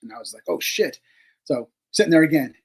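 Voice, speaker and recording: A man's voice: on the high side, lively intonation, racing, creaky, husky, rough recording. A man, a paranormal investigator, telling a story casually, with many fillers, casual swearing and laughs between remarks.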